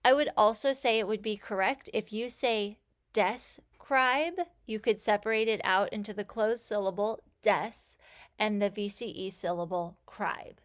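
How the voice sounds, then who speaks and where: A woman teaching a phonics lesson, sounding out letters and words with slow, clear enunciation. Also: medium pitch, fairly even intonation. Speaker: reading teacher.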